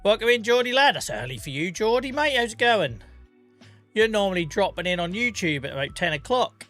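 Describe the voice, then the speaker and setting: A man in his forties, live streaming a farming game and chatting casually with his chat, joking, laughing often and greeting viewers by name on a boom-arm mic. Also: sing-song, a little fast, fairly bright tone, faint music behind. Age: 40s. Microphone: boom-arm microphone.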